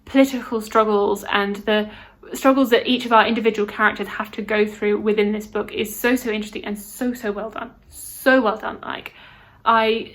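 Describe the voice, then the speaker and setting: Brit female book vlogger, gushing and chatty, slightly high voice, repeats herself for emphasis. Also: a bit bright. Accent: British. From United Kingdom. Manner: gushing, enthusiastic, repeats words. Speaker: book reviewer. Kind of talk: casual book review vlog.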